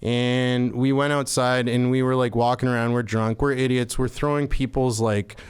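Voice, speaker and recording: Smooth-voiced man telling a story. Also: medium pitch, normal speed. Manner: animated, acts out quoted voices. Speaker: podcast guest. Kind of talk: casual comedic storytelling. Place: podcast studio.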